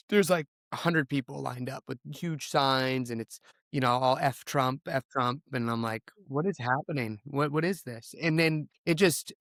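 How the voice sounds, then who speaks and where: A man in easy, rambling conversation who breaks into laughter often. His voice sits at an ordinary middle pitch. It is recorded close and dry, with no room sound around it. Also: a bit bright, no echo. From Indiana, USA. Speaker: former teacher as guest. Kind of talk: casual chat.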